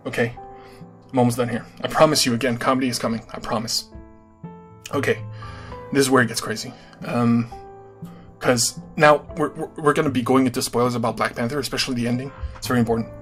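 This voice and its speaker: A man's voice: mid-range voice, steady tone, quick pace, fairly bright tone, soft background music. A man hosting a livestream in a casual, earnest monologue, often checking in with his listeners with "right?" and "okay?". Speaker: livestream host.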